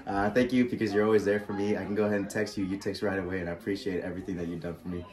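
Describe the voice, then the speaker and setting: A man's voice: sits low, level tone, racing, darkish tone. A man giving casual, rambling birthday wishes with fillers.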